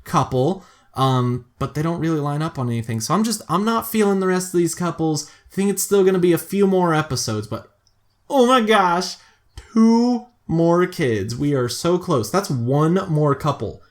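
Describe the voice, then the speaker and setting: A man's voice: on the high side, fairly quick. Chatty man narrating a game. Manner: chatty, excitable bursts, self-mocking asides. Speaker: gaming video host. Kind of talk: casual let's-play commentary.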